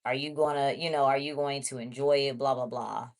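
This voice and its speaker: A woman's voice: a bass voice, fairly even intonation, brisk. A woman giving a casual tarot reading, chatty and blunt, talking straight to her viewers. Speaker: tarot reader.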